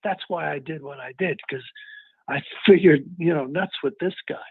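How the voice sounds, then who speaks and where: An older man, an actor being interviewed, telling anecdotes in an animated way and acting out the lines of people he quotes, with a husky, gravelly voice. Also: a little high, normal speed, no room sound. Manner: animated, acts out quotes in retelling. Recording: dry, tinny phone-like sound.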